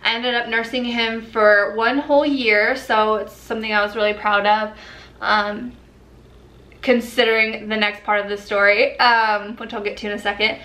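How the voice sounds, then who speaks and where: A woman's voice: fairly high pitch, fairly even intonation, normal speed, sharp tone. A young woman vlogger telling a personal story in a candid, chatty way, with many fillers. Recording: echoey room.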